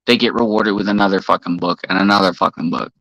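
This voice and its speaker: A man hosting a live stream, ranting heatedly and profanely while shouting out viewers in the chat. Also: sits low, fairly even intonation, fast talker, creaky, no echo, low-quality recording.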